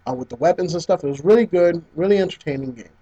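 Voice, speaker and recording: Man, gaming podcast co-host, somewhat high voice, casual chat, excitable, swears a lot. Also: rapid-fire, husky, highs cut off. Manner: excitable storyteller, swears freely, many restarts.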